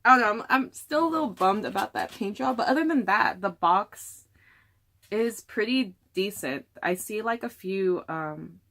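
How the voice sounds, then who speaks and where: Young woman vlogger, mid-pitched, casual rambling unboxing chatter, filler-heavy. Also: lively intonation, normal speed, a bit bright.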